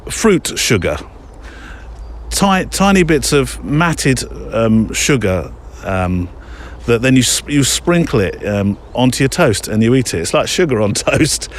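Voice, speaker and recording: A man's voice: medium pitch, very animated, takes it slowly, slight background noise. A middle-aged man hosting a photography podcast in a casual, rambling, self-deprecating way, with many fillers. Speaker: podcast host. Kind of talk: casual chat.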